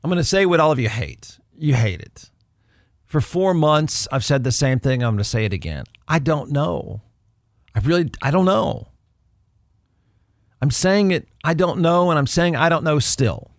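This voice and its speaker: A man's voice: a little high, expressive, moderate pace, no echo, clean studio sound. Snarky man doing sports talk. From Texas. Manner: snarky, conversational, repeats himself for emphasis. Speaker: podcast host. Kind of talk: solo sports commentary.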